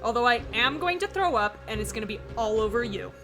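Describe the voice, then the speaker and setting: A woman streaming a visual novel playthrough, reacting out loud in an excitable, exclamatory way and swearing freely. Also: on the high side, quick pace. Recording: faint game music behind.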